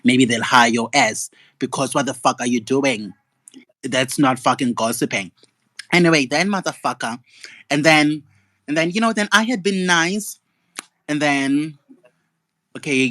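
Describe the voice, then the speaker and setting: A man's voice: medium pitch, unhurried, fairly bright tone, no room sound. A young man, ranting indignantly and profanely in a gossip vlog. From South Africa. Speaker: gossip vlogger. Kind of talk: angry ranting monologue.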